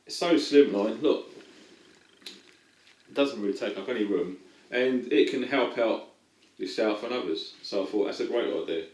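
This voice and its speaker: A man's voice: medium pitch, measured pace, pauses often. Middle-aged guy telling a story, lots of ums, echoey room, mic a bit far off. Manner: rambling, many ums and restarts. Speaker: vlogger. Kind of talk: casual storytelling to camera.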